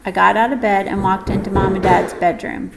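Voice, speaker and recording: A woman reading a first-person audiobook story in a gentle, measured way. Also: mid-range voice, steady tone, gravelly, over music, low-quality recording. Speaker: audiobook narrator.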